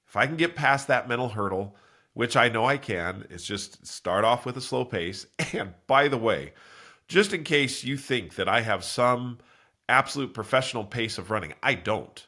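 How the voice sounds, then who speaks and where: A man's voice: lively intonation, normal speed, pushed and bright. A man hosting a solo podcast, talking earnestly and in a rambling way while congested from a cold, correcting himself and acting out quoted voices. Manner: acts out quoted voices with big pitch jumps. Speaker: podcast host. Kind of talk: solo motivational talk.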